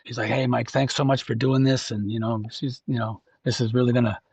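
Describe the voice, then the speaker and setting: A man's voice: medium pitch, level tone, brisk, vocal fry, a little mellow, husky, dry recording. A man from Canada, a musician guest telling a long anecdote in casual chat, acting out the voices of the people in it. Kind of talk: casual storytelling.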